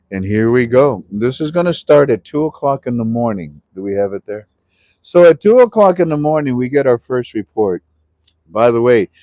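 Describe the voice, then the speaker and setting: A man hosting a casual livestream who prays, jokes with friends and addresses listeners as ladies and gentlemen. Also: mid-range voice, no room sound. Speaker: host of a currency livestream. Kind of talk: casual livestream talk with prayer. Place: on the west side of Oahu with friends.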